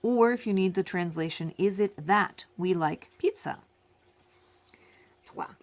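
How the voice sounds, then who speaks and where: A woman teaching a French lesson, explaining slowly and repeating each phrase in both languages, with self-deprecating asides. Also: on the low side. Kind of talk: classroom lesson.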